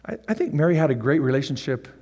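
A man's voice: on the high side, big pitch swings, fast, darkish tone, long reverb tail. A man preaching a sermon in a conversational way who acts out the scenes. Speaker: pastor.

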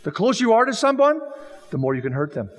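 Man, pastor, sermon, playful storytelling, slightly high voice, reverberant hall. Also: quick pace, faint music behind. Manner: animated, jokey storytelling with acted-out quotes.

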